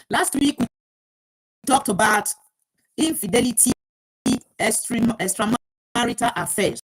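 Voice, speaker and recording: A woman's voice: on the high side, unhurried, long pauses, no room sound, low-quality recording. A woman hosting a live-streamed call-in program on relationships, repeating herself while handling viewers' requests. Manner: repetitive, stops to handle viewers' sharing requests. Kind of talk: live-streamed talk show. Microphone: live stream mic, checking volume.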